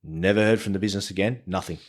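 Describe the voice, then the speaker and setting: Man, podcast guest, fairly low voice, casual storytelling, blunt, swears a lot, restarts sentences. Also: very fast.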